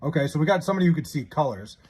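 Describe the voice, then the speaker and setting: Husky, lively-voiced male streamer. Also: on the high side. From New York area. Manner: loose and profane, drawls joke names slowly. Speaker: livestreamer. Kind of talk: casual live stream chat, reading viewer comments. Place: his house.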